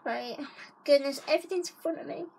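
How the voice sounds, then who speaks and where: A young woman with a high-pitched, fast voice and some vocal fry chats in a casual haul vlog from her bedroom at home, over a noisy background. She gushes and talks straight to her viewers, constantly calling them "guys."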